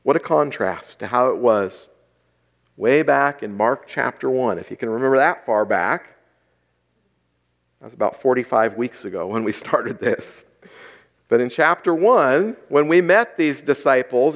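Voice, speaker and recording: A pastor delivering a sermon in a conversational way, asking the congregation rhetorical questions. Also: male voice, medium pitch, unhurried, pauses often.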